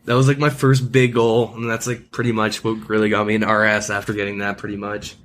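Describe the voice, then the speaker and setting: A man's voice: on the low side, flat delivery, a little fast, fairly bright tone, slight background noise. A man co-hosting a podcast in casual chat, laid-back, with short reactions and casual swearing. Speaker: podcast co-host.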